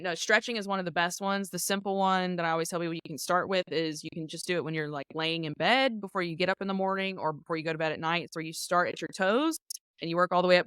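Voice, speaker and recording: A woman's voice: on the low side, a bit bright, clean tone, no room sound. A woman from Memphis, a guest author, speaking candidly and reflectively in a casual interview, with self-deprecating humour.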